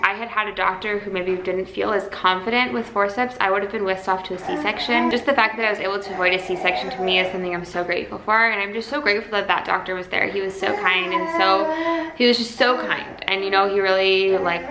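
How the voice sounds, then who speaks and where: A woman's voice: medium pitch, roomy sound, low-quality recording. A young woman vlogger telling her birth story in a heartfelt, chatty way, full of "like"s. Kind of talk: casual birth story vlog.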